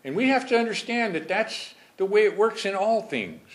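A man's voice: sits high, expressive, moderate pace. A man preaching a Bible study. He reads scripture verses formally, then comments on them in a conversational way and asks his congregation questions.

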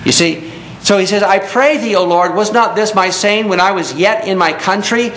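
A man's voice: normal speed, fairly bright tone. A man preaching a sermon in earnest tones, reading scripture aloud and explaining it to a congregation. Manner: earnest, reads scripture aloud in King James wording. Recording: echoey room with faint rumble.

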